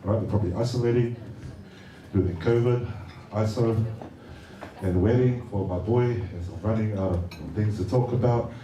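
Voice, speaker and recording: A man's voice: on the low side, normal speed, mellow. Joking Samoan man in an echoey hall. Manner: hesitant and joking, many fillers. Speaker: speaker at a birthday party. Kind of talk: casual speech at a party. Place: large party hall. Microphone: handheld mic. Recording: echoey hall from far off, noisy.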